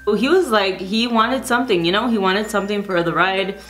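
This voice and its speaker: A woman's voice: mid-range voice, a little fast, a bit bright, faint music behind. A young woman vlogger casually telling a storytime to camera, rambling with lots of fillers.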